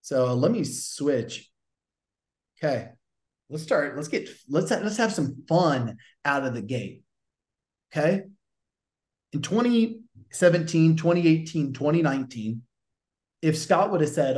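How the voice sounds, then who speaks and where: A man with a Southern accent coaching gym owners in a punchy, pushy style. His voice sits a little high and bounces around an echoey room. He swears casually and drives every point home. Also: lively intonation, unhurried, long pauses, a little mellow. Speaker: gym business coach and podcast host. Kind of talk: energetic coaching talk.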